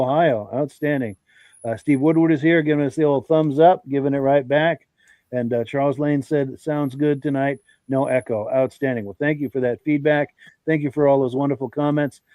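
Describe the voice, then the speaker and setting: Hosting a live podcast, a man with a congested, mid-range voice reads viewer comments aloud in a friendly, folksy way. The recording is dry and the audio sounds dull.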